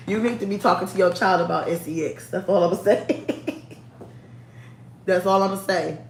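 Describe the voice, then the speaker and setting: A woman's voice: medium pitch, slow, pauses often, darkish tone, slight background noise. A woman chatting casually to camera, sassy and candid, laughing often. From United States. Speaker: vlogger. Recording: echoey room.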